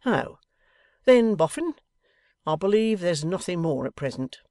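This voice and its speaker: A man doing a gravelly gloating blackmailer. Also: sits high, sing-song, darkish tone, dry recording, studio quality, pitched above the performer's own voice, exaggerated voice. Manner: menacing, deliberate, turns w for v. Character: grasping one-legged scheming male blackmailer.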